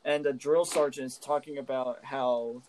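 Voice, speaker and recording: A man's voice: mid-range voice, a little slow, a little hiss or hum, poor audio. A man co-hosting a casual podcast chat, swearing freely, laughing often and telling stories with animation. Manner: profane, laughing, animated storytelling. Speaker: co-host.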